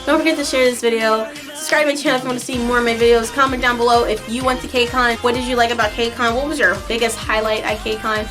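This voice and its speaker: Excitable high-voiced young woman vlogger. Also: quick pace, few pauses, music in the background. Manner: excitable, breaks into high squeals when retelling. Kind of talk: casual storytelling to camera.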